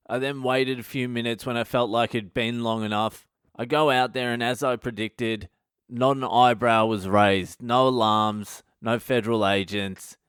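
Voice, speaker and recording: A man with an Australian accent, a comedian hosting a podcast, telling a crude, animated, swear-filled story. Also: on the low side, clear, resonant tone, no echo, clean studio sound.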